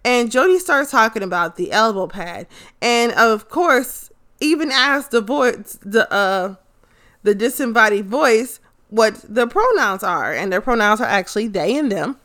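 Young woman host, bright tense tone, quick profane wrestling recap with lots of "uh"s. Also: on the high side. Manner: excitable, swears freely, loses track of names. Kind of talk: casual recap of a wrestling show.

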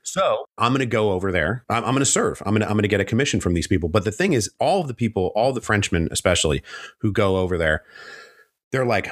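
A man telling history stories in a relaxed conversational way, acting out what historical figures said with lively shifts in pitch. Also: fast talker, no room sound, clean studio sound. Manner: animated, acts out quoted figures in shifting pitch. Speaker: history guest. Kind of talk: conversational storytelling.

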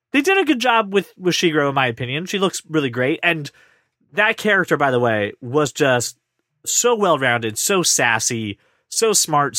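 A man hosting a casual podcast chat, talking in an animated, opinionated and jokey way. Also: a little high, no echo, clean studio sound. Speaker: podcast host.

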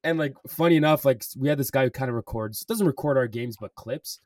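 A young man co-hosting a podcast tells a story in casual chat, swearing constantly and filling every gap with "like" and "bro." His medium-pitched voice is fast and darkish, captured with clean studio sound from a distant mic and no room sound.

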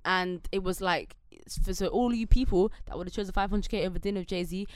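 A young woman, talking animatedly and venting strong opinions with plenty of swearing. Her voice sits at an ordinary pitch and sounds dry and close. It is a casual podcast chat. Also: steady tone, brisk, smooth, dry recording. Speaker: podcast co-host.

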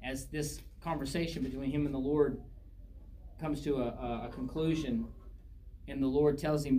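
A man's voice: medium pitch, fairly even intonation, moderate pace, mellow, a little hiss or hum. A man preaching a sermon, reading scripture aloud and driving points home by repeating phrases. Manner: emphatic, repeats phrases for stress.

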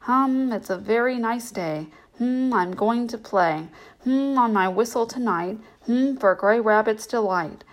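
A woman voicing a slow, cheerful old male mole in a bedtime storybook, musing aloud and humming. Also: medium pitch, expressive, close to an everyday voice.

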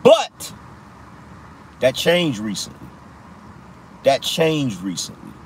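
A man's voice: medium pitch, huge pitch swings, takes it slowly, a little hiss or hum. A man hosting a live political commentary show, talking in a slangy, repetitive style and teasing his audience. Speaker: podcast host.

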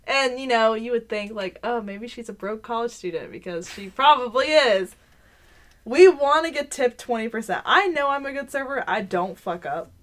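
A woman's voice: fairly high pitch, animated, moderate pace. Blunt, foul-mouthed young woman. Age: 20s. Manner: blunt, profane, mocks customers in put-on voices. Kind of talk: casual chat.

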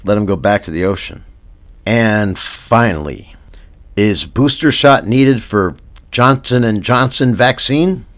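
A man's voice: lowish voice, takes it slowly, a bit bright. A man hosting a comedic news parody podcast, talking in a casual, slangy way. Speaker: podcast host.

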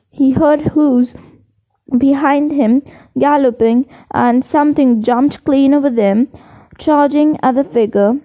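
A woman reading a novel aloud in an unhurried way, with small slips and restarts. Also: high-pitched, phone-quality sound. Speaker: reader.

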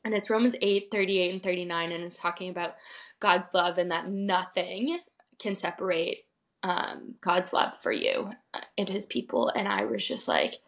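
A woman's voice: fairly low pitch, fairly even intonation, moderate pace. Chatty young woman telling her story. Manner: chatty, heavy use of "like" fillers, laughs often. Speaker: podcast guest. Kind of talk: casual storytelling.

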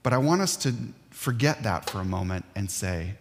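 A man preaching a sermon as a pastor, earnest and emphatic, with dramatic pauses. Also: lowish voice, sing-song. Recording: long hall reverb.

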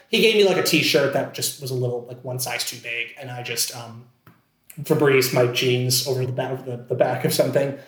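A man's voice: fairly high pitch, roomy sound. A man telling a long story in casual chat, rambling, with many fillers and restarts. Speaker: podcast co-host telling a story.

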